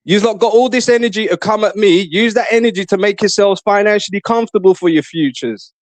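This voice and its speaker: A man's voice: sits high, fast talker, no echo. A man trash-talking and taunting his haters in casual stream chat. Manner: repeats himself, mocking. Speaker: live stream guest.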